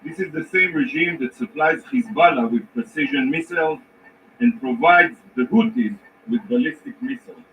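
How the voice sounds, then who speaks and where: A man giving a formal, prepared speech to a council as an ambassador, emphatic and indignant, with measured pauses. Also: fairly high pitch, sing-song. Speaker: ambassador addressing the Security Council. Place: large council chamber. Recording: distant, dull rebroadcast with faint noise.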